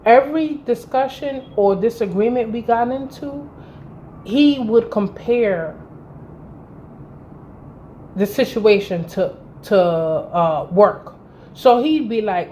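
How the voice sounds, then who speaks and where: A woman's voice: a little high, a little mellow. A woman in her thirties telling a personal story in a blunt, profane, exasperated way to her vlog audience. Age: 30s. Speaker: vlogger. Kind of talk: candid storytime vent. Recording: dull lo-fi recording with faint noise.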